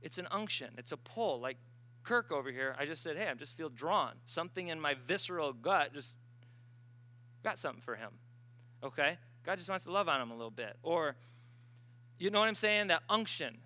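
A man preaching a sermon in a conversational, emphatic way, swinging between loud and hushed and acting out the voices he quotes. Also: a little high, lively intonation, moderate pace, long pauses. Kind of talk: sermon with storytelling.

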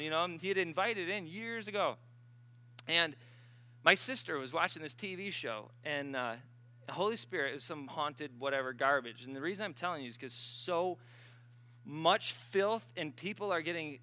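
A man preaching a sermon in a conversational, emphatic way, swinging between loud and hushed and acting out the voices he quotes. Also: fairly high pitch, expressive, a little fast, dry recording. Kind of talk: sermon with storytelling.

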